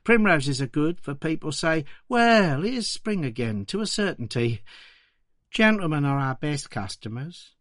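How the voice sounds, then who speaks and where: A poor young orphan flower girl with an English accent, put on by a man reading a documentary. She answers simply and modestly, never chatty. The voice sits higher than his own, close and dry. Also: very animated, a little slow, a bit bright, no echo. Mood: earnest. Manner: plain, simple, answering politely. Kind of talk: documentary reading of a quoted interview.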